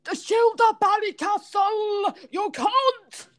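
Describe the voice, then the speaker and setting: Brief: woman putting on a brash mock-Irish man, shouting high and stretched out. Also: slow pace, heavily acted. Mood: rowdy.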